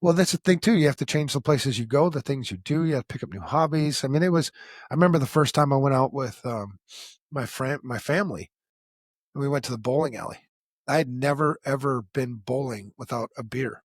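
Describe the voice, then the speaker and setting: A man's voice: medium pitch, fairly quick, dry recording, studio quality. A middle-aged man, hosting a podcast and telling his story candidly and bluntly, with lots of swearing. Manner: blunt and profane, acting out quoted dialogue. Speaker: podcast host.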